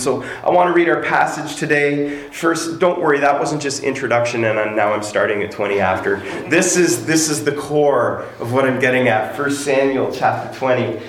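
A man preaching a sermon in an earnest way, lifting his voice with drama when he reads scripture aloud. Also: medium pitch. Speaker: pastor. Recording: echoey room with faint ambient noise.

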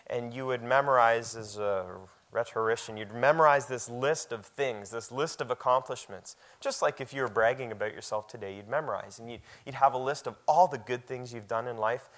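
A man gives a conversational sermon, repeating words often, and his voice gets much louder and higher whenever he reads scripture aloud.

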